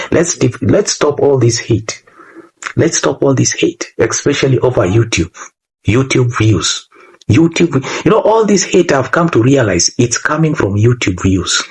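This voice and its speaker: A man with a Kenyan accent lectures his channel's viewers in a loose monologue. His voice is very husky and sits at a middle pitch. He repeats his phrases and keeps checking in with the listener. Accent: Kenyan English. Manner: preachy, repeats phrases and asks "huh?". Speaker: YouTuber. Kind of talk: casual monologue to camera.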